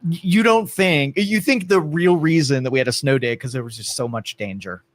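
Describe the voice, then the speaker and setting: A man's voice: on the high side, moderate pace, dry recording. A man with an Ohio accent on a casual talk radio show, speaking in a dry, contrarian way. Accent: Northeast Ohio American.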